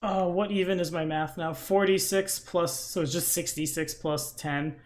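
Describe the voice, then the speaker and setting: A man playing a tabletop role-playing game, chatty and excitable, who reads rules aloud quickly. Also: on the high side. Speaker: player. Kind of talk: tabletop game play over voice chat.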